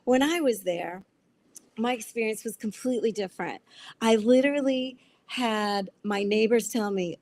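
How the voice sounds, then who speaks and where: A woman guest on a video call, telling her faith story in an earnest, animated way and acting out the voices of people she quotes. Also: fairly high pitch, moderate pace. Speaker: guest sharing testimony. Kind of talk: testimony interview.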